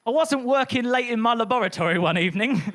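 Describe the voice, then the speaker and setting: Bubbly, high-voiced stand-up woman. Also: quick pace. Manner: animated, punchy, laughing through lines. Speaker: stand-up comedian. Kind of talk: stand-up set. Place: comedy club stage.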